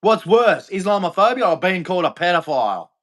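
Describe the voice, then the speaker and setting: A man's voice: high voice, sing-song, fairly quick, a bit bright. A man, hosting a livestream and delivering a heated, accusatory, repetitive rant full of profanity. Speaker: livestream host.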